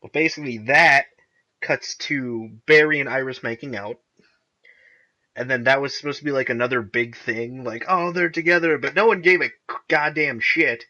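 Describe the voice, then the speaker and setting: A young man co-hosting a podcast in casual chat, excitedly recapping TV episodes and often laughing as he retells scenes. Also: medium pitch, moderate pace. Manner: excitable, laughs often, acts out characters' lines. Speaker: podcast co-host. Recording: dull lo-fi recording.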